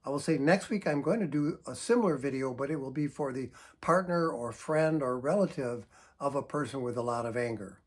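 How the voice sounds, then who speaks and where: An older man, a psychotherapist, giving earnest, emphatic advice straight to camera and showing how to sigh out deep breaths. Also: fairly quick, breathy edge. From United States. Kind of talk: direct-to-camera advice talk.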